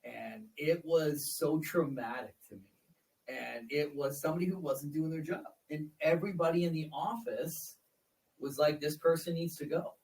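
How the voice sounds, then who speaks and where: A man's voice: fairly high pitch, normal speed, a little mellow, far from the mic, low-quality recording. A man in his forties hosting a casual interview chat, telling stories with repeated words and laughing as he talks. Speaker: podcast host.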